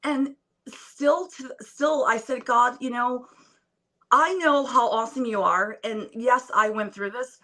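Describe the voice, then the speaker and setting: A woman's voice: on the high side, slow pace, pushed and bright. A young woman on a phone video call, speaking as a podcast guest in an earnest, emphatic, preacher-like way. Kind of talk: motivational interview talk.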